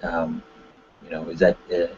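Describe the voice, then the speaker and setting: A timid, mumbling kid stumbles through a nervous audition, as a man puts him on. The voice drops low and quiet, halting over every um and trailing off. The call audio sounds dull and lo-fi. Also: monotone, a little hiss or hum, close to an everyday voice. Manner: mumbling, halting, full of ums.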